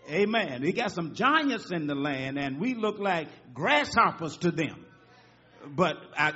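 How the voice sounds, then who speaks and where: A man's voice: a little high, big pitch swings, unhurried, bright, forceful tone. A man preaching a sermon, emphatic and rhythmic, punctuating with amens. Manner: emphatic call-and-response preaching with frequent amens. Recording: dull lo-fi recording.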